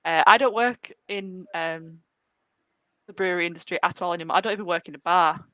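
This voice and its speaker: A woman's voice: fairly low pitch, brisk, a bit bright, dry recording, rough recording. A young woman co-hosting a casual live chat, chatty and laughing often. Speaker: co-host, former brewery worker.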